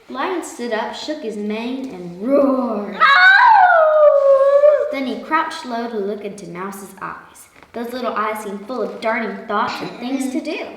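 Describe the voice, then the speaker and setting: A woman hosting a children's story read-aloud with an expressive, animated delivery, recorded from a distance in an echoey room. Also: a little high, a little slow, a little hiss or hum. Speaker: storybook reader, host.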